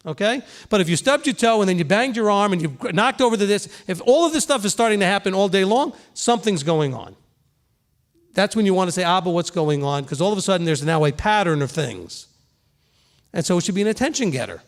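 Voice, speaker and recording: An animated, middle-aged pastor with a notably high voice delivers his sermon in a plain, conversational manner. He speaks earnestly, checking in with a quick "okay?" as he teaches.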